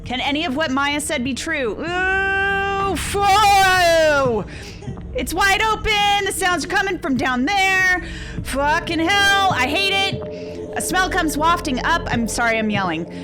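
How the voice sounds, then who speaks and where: A woman's voice: very high voice, expressive, unhurried, over loud music. A young woman streaming, reading a horror text game aloud and reacting with yelps, swears and nervous laughs.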